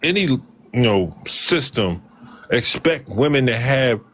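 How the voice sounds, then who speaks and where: A man arguing in a casual debate, insistent and pressing his questions firmly. His voice sits at an ordinary middle pitch for a man. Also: animated, takes it slowly, fairly bright tone, slight background noise.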